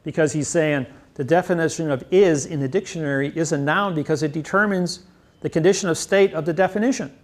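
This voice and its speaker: A man's voice: on the high side, fairly quick. A man lecturing on grammar, rambling emphatically and boasting about himself. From United States. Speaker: seminar lecturer.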